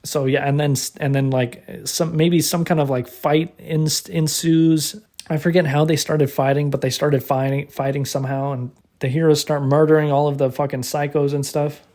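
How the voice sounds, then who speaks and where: Rambling, profane man with mellow voice. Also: on the high side, flat delivery, moderate pace. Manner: profane, rambling, many restarts and fillers; laughs while retelling. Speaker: movie reviewer. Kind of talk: casual rambling movie recap.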